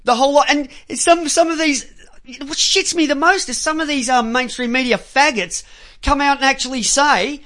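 A man hosting a radio talk show, ranting angrily and profanely, mocking others and breaking into shouts. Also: very high-pitched, moderate pace. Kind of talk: angry radio rant.

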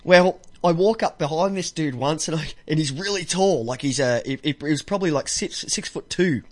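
With a slightly high voice at a normal speed, this Australian radio host keeps the chat light and jokey. He laughs often and performs characters' voices as he spins his stories.

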